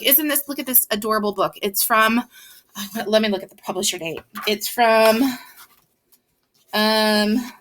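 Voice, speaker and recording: A young woman teacher gives a patient reading lesson to young children and sounds words out slowly. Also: fairly high pitch, a bit bright, a little hiss or hum.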